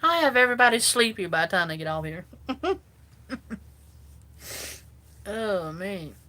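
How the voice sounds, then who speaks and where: A woman's voice: mid-range voice, sing-song, a little fast, pushed and bright. A woman with a South Carolina Southern accent, chatting casually and rambling easily with viewers, recorded on a phone. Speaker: vlogger. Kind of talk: casual live chat with viewers.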